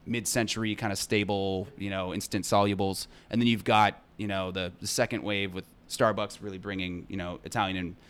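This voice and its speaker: A man's voice: low voice, level tone, a little fast, few pauses, a bit bright, smooth. A man chatting casually on a podcast, explaining at length with plenty of fillers and enthusiasm. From United States. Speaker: brand representative guest.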